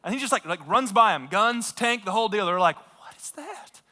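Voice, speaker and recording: A man's voice: high-pitched, expressive, fast, sharp tone. A man preaching a sermon as a pastor, retelling a story casually and with lots of fillers. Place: church sanctuary. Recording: long reverb of a large hall.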